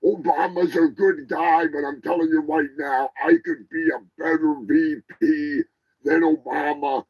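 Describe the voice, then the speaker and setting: A man doing a gravelly stoned ex-wrestler. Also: a little high, a little slow, muffled recording, full character voice. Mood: stoned rambling. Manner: rambling, boastful, deadpan asides. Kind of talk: comedic impression on a livestream.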